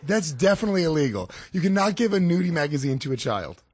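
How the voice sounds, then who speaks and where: Husky man with a lively voice. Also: on the high side, fast talker, no echo. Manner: blunt, exasperated, swears a lot. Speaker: podcast co-host. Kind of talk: casual chat.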